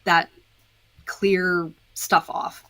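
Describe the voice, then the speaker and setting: A woman's voice: lowish voice, level tone, very slow, fairly bright tone. A woman guest on a podcast, explaining her dyeing process step by step in a casual chat, with frequent fillers. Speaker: podcast guest, disc dyer.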